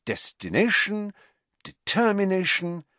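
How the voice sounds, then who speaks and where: A man voicing a brisk, earnest, clever teenage schoolgirl in a storybook reading. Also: sits high, sing-song, sharp tone, no echo, pitched above the performer's own voice, heavily acted.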